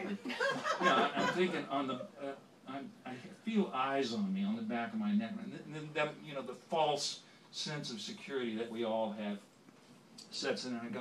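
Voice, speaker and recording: A man in his sixties, a songwriter on stage, telling an anecdote in a halting, self-deprecating way, full of restarts. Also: mid-range voice, animated, very noisy. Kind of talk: onstage anecdotal storytelling. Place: stage before an audience. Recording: roomy, distant live stage mic.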